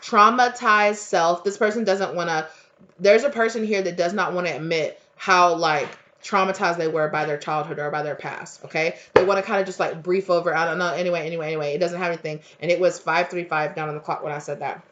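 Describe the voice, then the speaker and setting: Brief: woman tarot reader, lowish voice, chatty and rambling, dull lo-fi recording. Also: steady tone, quick pace, a little hiss or hum. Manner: rambling, filler-heavy, conversational. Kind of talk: casual spiritual tarot reading. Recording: dull lo-fi audio.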